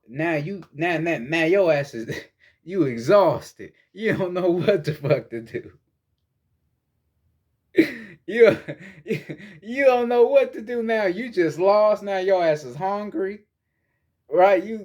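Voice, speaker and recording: A man's voice: high-pitched, darkish tone. A man giving a casual spiritual monologue as a vlogger, lecturing bluntly with heavy profanity and frequent repetition.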